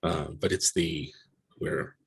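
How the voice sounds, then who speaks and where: Deep, gravelly, husky male player. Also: steady tone. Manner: halting, thinks aloud with restarts. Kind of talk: casual tabletop role-play.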